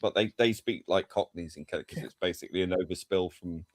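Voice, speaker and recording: A man's voice: low voice, brisk, dry recording. A man from London with a southern English accent close to RP, chatting as a guest and laughing easily. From England, London. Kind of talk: casual chat.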